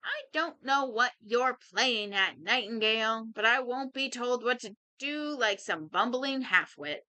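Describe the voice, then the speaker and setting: A woman voicing a curt, prickly middle-aged man who speaks gruffly and dismissively. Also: fairly high pitch, lively intonation, measured pace, pushed and bright.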